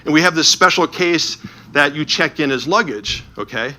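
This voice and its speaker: Man telling lively stories, bright voice. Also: fairly high pitch, moderate pace. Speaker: presenter of an illuminated Bible. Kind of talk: storytelling talk with slides.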